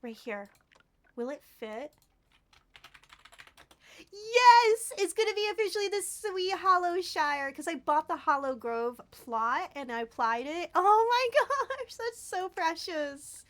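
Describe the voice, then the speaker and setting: A young woman livestreaming a cozy game, talking sweetly and gushing to her chat, with soft laughs and frequent throat clearing. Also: high-pitched, animated, measured pace. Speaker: streamer. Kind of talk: casual gameplay livestream chat. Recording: faint background noise.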